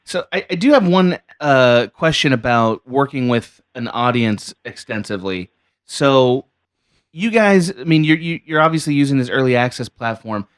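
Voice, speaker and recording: A male podcast co-host puts questions to his guest with open curiosity. He phrases things loosely and circles back as he goes. His voice sits at an average pitch for a man. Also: lively intonation, normal speed, clear, resonant tone. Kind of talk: casual podcast interview.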